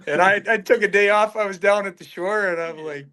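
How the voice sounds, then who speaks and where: A man talking on a podcast, easygoing and relaxed, telling stories from his playing days. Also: high-pitched, a little fast, hardly any pauses. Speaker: podcast guest, hockey scout. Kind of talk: casual storytelling chat.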